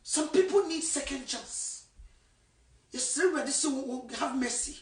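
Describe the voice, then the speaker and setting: A woman evangelist from Ghana, preaching fervently and swinging between shouting and a hush. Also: sits high, animated, unhurried, recorded from a distance. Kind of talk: impassioned sermon. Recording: echoey room, voice from afar.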